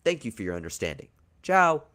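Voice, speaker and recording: A man's voice: on the low side, very animated, fairly quick, sharp tone. A man playing a smug, mock-polite wrestling boss. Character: smug male wrestling authority figure on screen.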